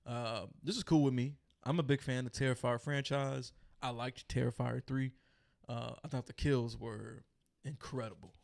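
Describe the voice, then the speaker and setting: A man's voice: medium pitch, fairly even intonation, normal speed, creaky, darkish tone. A man co-hosting a horror news podcast, chatting casually and colloquially with lots of fillers. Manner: laid-back, colloquial, trailing fillers. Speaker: podcast co-host.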